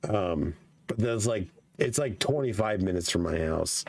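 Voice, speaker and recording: Hoarse man with a gravelly, fading voice. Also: lowish voice, animated, a little slow, a little mellow. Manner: swears casually, laughs often. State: voice nearly gone, hoarse. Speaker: podcast guest. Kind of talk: casual chat.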